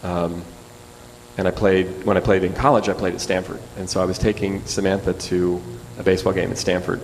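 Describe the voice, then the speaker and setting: A man in his forties, a guest speaker, telling an animated personal story in a sermon. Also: low-pitched, fairly quick. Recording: echoey hall with faint hum.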